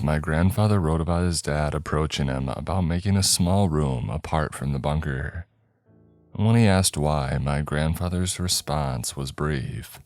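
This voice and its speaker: Very deep-voiced man narrating horror. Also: a little mellow, dry recording. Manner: slow, measured storytelling. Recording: dry close mic, faint background music.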